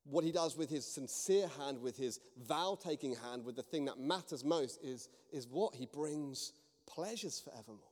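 A man, a priest preaching a sermon, telling stories in an earnest, animated way. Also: medium pitch, moderate pace. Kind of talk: sermon with storytelling. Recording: long reverb of a large hall.

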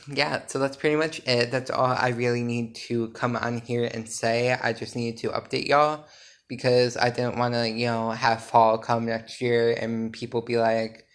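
A drowsy man talking straight to his listeners in a loose, unscripted podcast update. His voice sits in an ordinary middle register. He wanders through his points with frequent fillers and quick self-corrections. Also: mid-range voice, level tone. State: sleepy. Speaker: podcast host and small business owner. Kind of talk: casual solo podcast update.

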